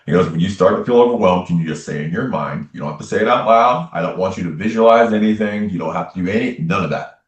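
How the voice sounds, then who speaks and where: A man with a very low voice tells a personal story as an interview guest. He speaks earnestly and repeats key phrases for emphasis. He sounds a little distant from the mic, in a room with noticeable echo. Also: quick pace. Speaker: interview guest, tarot reader and medium.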